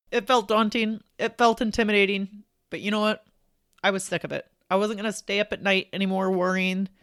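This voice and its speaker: A woman hosting a motivational podcast monologue in a casual, colloquial voice. She is emphatic and encouraging, pressing her points and addressing the listener directly. Her pitch sits in an ordinary middle range for a woman. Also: fairly bright tone. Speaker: podcast host.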